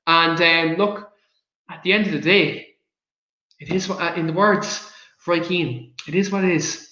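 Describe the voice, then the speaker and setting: A fairly high-voiced Irish man hosts a casual football chat. He talks with passion, goes off on rants and slips into giggles. The sound is roomy and a little dull, as if recorded in an echoey space. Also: steady tone, unhurried, sharp tone. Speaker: podcast host.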